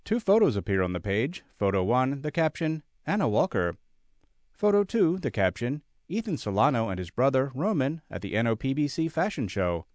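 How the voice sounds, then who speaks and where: A man's voice: medium pitch, sing-song, moderate pace, darkish tone, no echo, clean studio sound. A man reading a magazine article aloud, speaking every caption and bracketed note as written. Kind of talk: read-aloud article narration.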